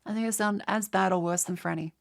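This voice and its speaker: Still recovering from a cold, this young streamer with an Australian accent chats with viewers in a rambling, stuttering way full of restarts. Her nasal voice is medium-pitched and creaky, with fairly even intonation and a quick pace.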